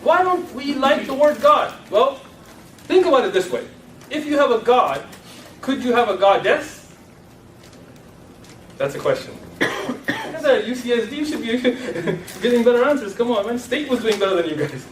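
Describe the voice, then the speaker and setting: Guy lecturing a room, firing off questions and ribbing the crowd, really high voice, echoey hall, faint hiss. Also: very animated, normal speed, pauses often, a bit bright, distant mic. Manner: rhetorical questions, teases the audience. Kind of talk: lecture to an audience.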